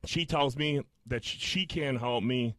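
A man's voice: medium pitch, measured pace, fairly bright tone, no echo. A man telling a story in a casual podcast chat, swearing freely and acting out both sides of phone calls.

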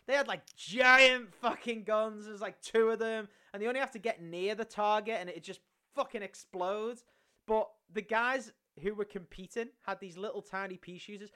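A man telling stories in casual podcast chat, animated and swearing a lot, acting out scenes. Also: high voice. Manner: animated storytelling, swears often, acts out scenes. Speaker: podcast co-host.

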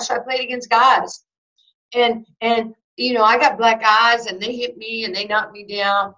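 A woman in her fifties from New York, a former basketball player telling animated stories in an interview and acting out quotes. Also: fairly high pitch, normal speed, muffled recording. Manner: lively anecdotes with acted-out quotes, many fillers.

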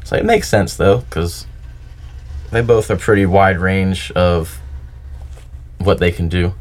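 A man's voice: sits low, slow. A young man, a guest on a podcast, chatting casually and easily, thinking aloud and hedging with "probably.". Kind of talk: casual chat.

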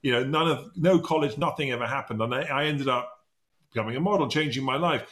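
A man's voice: medium pitch, fast, fairly bright tone. Rambling middle-aged male interview host. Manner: rambling, many restarts and fillers. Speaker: podcast host. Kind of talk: casual interview chat.

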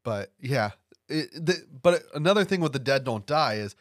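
Relaxed man chatting about films. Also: mid-range voice, moderate pace, no room sound, studio quality. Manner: relaxed, explains film references. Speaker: podcast co-host. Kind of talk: casual film discussion.

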